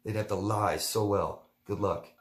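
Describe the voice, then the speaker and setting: A man with a fairly low voice who talks straight to the camera in a loose Q&A style. He is blunt and emphatic and drives his points home by repeating the key words. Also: fairly even intonation, unhurried, a little hiss or hum. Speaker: relationship coach answering viewer questions. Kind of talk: casual Q&A monologue.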